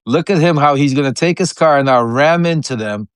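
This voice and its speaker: A man's voice: on the high side, brisk, clean tone, no room sound, clean studio sound. A man on a live-stream political talk show, speaking with passion, repeating himself and restarting often. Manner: impassioned, repeats phrases, many fillers and restarts. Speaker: guest.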